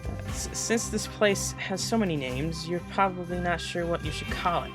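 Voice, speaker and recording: A man's voice: high voice, moderate pace, over music. A teenage boy narrating a school presentation as a comedic voice-over, full of sarcastic, mocking asides. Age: teens. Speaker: student presenter.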